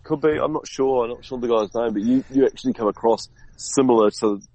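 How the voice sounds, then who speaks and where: A man as a guest in a casual conversation, talking in a rambling, halting way with many restarts. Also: medium pitch, warm tone, no room sound, low-quality recording. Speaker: podcast guest.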